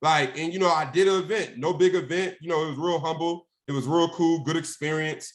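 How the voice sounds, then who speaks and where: A man speaking as a guest at a mentorship session, telling his own story in a casual, animated, slangy way. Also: on the high side, a little fast.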